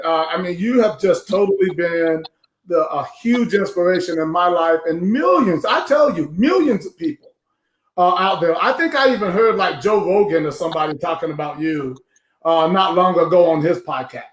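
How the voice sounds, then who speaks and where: A man hosting a live online show, talking with loud, emotional enthusiasm. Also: high voice, normal speed, roomy sound. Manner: effusive, emotional, loud exclamations.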